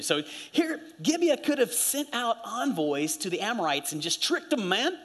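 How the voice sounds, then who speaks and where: Man, middle-aged, pastor, high-pitched, lively sermon, acts out quoted voices. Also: a little slow. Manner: animated storytelling, acting out quoted voices with big pitch swings.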